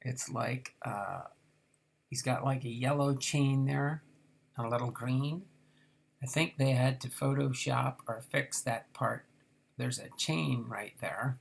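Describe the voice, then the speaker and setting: Man, card collector host, slow rambling delivery, husky gravelly voice. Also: medium pitch. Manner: slow, rambling, with frequent fillers while reading names off cards. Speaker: trading card collector reviewing a set. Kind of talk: casual card review.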